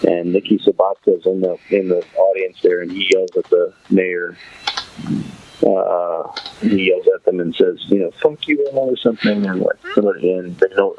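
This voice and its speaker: A man's voice: sits low, narrow, tinny audio, a little hiss or hum. A man hosting a podcast, casually recapping a TV episode, rambling and thinking aloud with many fillers. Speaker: podcast host.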